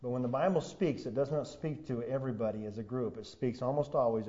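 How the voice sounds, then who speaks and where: A man's voice: medium pitch, fast, few pauses. Impassioned preacher man, lo-fi sound. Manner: preaching with swelling emphasis, then dropping to quiet intensity. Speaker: pastor. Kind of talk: sermon. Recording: dull lo-fi sound.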